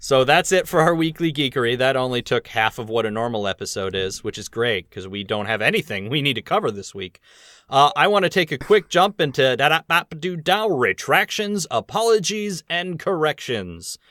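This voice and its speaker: A man's voice: mid-range voice, a bit bright, no echo, studio quality. A man hosting a podcast in casual chat, rambling and laughing easily between points. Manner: chatty, rambling, quick laughs. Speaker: podcast host.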